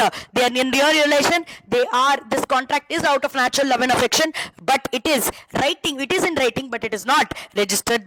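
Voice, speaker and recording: A woman's voice: fairly high pitch, fairly bright tone, no echo, poor audio. A woman teacher with a Tamil-influenced Indian English accent, giving a law lecture, repeating key phrases and quizzing students by name.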